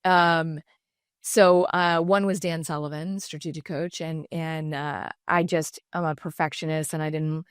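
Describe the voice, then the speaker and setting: Lively middle-aged woman telling stories. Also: low-pitched, a little slow, smooth, no echo, studio quality. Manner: animated, acts out quoted dialogue in shifting voices. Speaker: podcast guest, designer and entrepreneur. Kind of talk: candid conversational storytelling.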